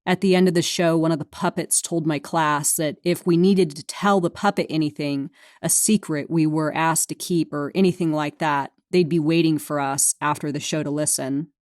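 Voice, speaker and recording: Low-voiced woman reading a frank memoir. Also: steady tone, moderate pace, few pauses, a little mellow, no echo, studio quality. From California, US. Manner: frank, sardonic, dryly funny. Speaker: memoir narrator.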